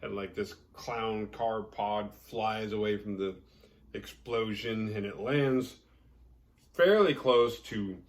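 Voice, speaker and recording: Low-voiced man rambling through a movie recap. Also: slow, recorded from a distance. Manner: rambling, heavy filler "like", profane and jokey. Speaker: horror movie podcast host.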